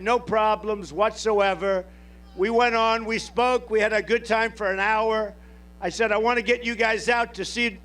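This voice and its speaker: Guy going off at a campaign rally, really high pitched voice, bragging and repeating himself. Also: fairly bright tone. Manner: boastful, repetitive, off-the-cuff crowd oratory. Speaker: presidential candidate at a rally. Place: outdoor airport rally.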